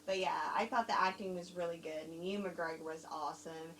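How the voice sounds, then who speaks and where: A woman with a light American Southern accent, co-hosting a casual film review chat, rambling and animated, laughing often. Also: fairly low pitch, a little fast. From grew up overseas, Germany and Korea. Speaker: co-host reviewing films. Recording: distant mic with faint hum.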